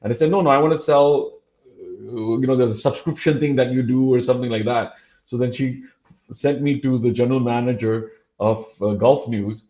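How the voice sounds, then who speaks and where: A man in his fifties who grew up in Dubai, a podcast guest telling a story and acting out the voices of the people in it, with many pauses and fillers. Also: medium pitch, muffled recording. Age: 50s. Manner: animated, acts out quoted dialogue, frequent uh fillers. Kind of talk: storytelling in a casual interview.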